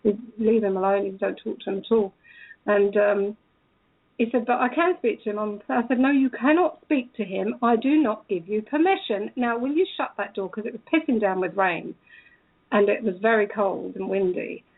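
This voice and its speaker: A woman's voice: mid-range voice, normal speed, narrow, tinny audio. A woman telling a story in a casual way, acting out the lines of the people in it. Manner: animated, acts out quoted dialogue. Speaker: speaker recounting a police encounter.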